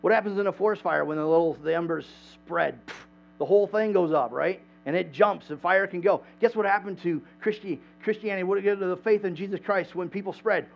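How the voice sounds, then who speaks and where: A man preaching a sermon in a church, conversational and animated, asking the congregation questions. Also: high-pitched, fairly quick, vocal fry, faint music behind. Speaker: pastor. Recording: dull lo-fi sound with mains hum.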